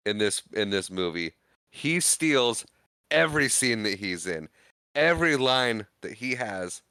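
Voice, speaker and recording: A man's voice: fairly low pitch, pushed and bright, clean tone, no room sound. A man co-hosting a podcast, casually retelling a film's scenes and laughing often. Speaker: podcast co-host. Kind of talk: casual movie recap chat.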